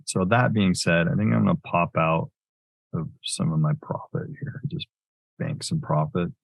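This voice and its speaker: A man with a very low, gravelly voice and a husky edge talks through his trades live, thinking aloud and correcting himself as he goes. The sound is close and dry, with no room around it. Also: normal speed, no echo, rough recording. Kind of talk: live trading commentary.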